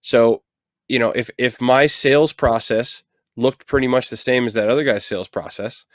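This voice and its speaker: A man's voice: mid-range voice, normal speed, no room sound, studio quality. A man hosting a podcast in casual conversation, thinking aloud about how contractors present themselves. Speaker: podcast host, painting contractor.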